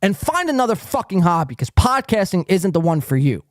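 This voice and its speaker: High-pitched and very animated, this man talks fairly quickly while hosting a live podcast. He reads out chat comments and launches into a profane, taunting, confrontational rant at a viewer, captured in clean studio quality without room sound.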